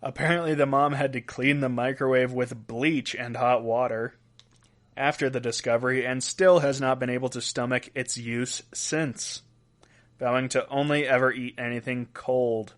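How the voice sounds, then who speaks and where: A man's voice: medium pitch, steady tone, normal speed. A young adult man hosting a casual weird-news podcast, reading quotes aloud and chuckling between stories. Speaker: podcast host.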